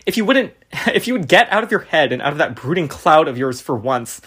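A woman's voice: low voice, lively intonation, brisk, slightly rough, voice pushed down. An earnest angry teenage boy, read by a woman.

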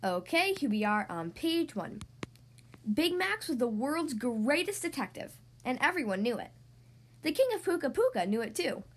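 A woman hosting a children's podcast, reading a storybook aloud in an expressive way. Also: high-pitched, normal speed. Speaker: podcast host and reader.

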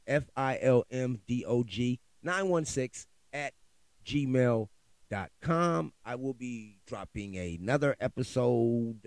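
A man's voice: mid-range voice, darkish tone, dry recording. A middle-aged man, hosting his own podcast and ranting with heated, profane exasperation. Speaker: podcast host. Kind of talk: solo podcast rant.

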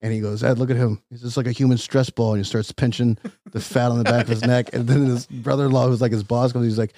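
Man, middle-aged, comedian, rapid rambling delivery, acted-out quotes, dry mic. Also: mid-range voice, flat delivery, mellow, no echo. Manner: rambling, acts out quotes, laughs often. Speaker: comedian guest. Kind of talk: casual podcast chat.

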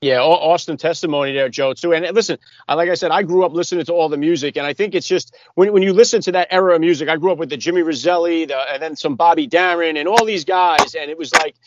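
Quick, high-voiced male interviewer. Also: dry recording. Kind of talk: conversational interview. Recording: slightly dull lo-fi sound.

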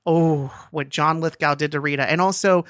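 A woman's voice: sits low, fairly even intonation, normal speed, no echo, clean studio sound. A woman co-hosting a radio show, chatting in a giggly, gossipy, enthusiastic way. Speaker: co-host. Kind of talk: casual chat.

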